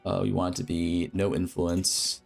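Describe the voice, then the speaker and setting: A man's voice: deep voice, little pitch movement, moderate pace, creaky, faint music behind. A man streaming a game, casually thinking aloud through a crafting plan and correcting himself as he goes. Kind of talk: explaining a game crafting strategy.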